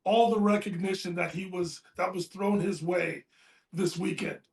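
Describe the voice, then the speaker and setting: A man's voice: high voice, steady tone, moderate pace, a little mellow. A man co-hosting a casual sports talk show, speaking earnestly and from the heart. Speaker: podcast co-host. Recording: roomy echo.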